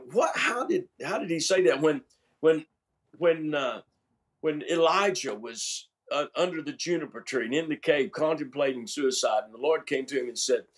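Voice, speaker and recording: A man in his seventies, a pastor and seminary chancellor, talking animatedly in an interview and stressing words as he tells stories. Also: fairly high pitch. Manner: animated, emphatic storyteller who repeats words. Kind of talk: conversational interview.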